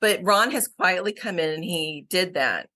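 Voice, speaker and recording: A middle-aged woman, a company founder, telling stories in a fast, energetic podcast chat. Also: on the low side.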